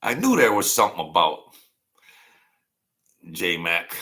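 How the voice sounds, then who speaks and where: A man's voice: lowish voice, takes it slowly, vocal fry, pauses often, bright, forceful tone. A man in his sixties hosting a livestream, chatting in a rambling, sentimental and jokey way. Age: 60s. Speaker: livestream host. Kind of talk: rambling casual livestream chat.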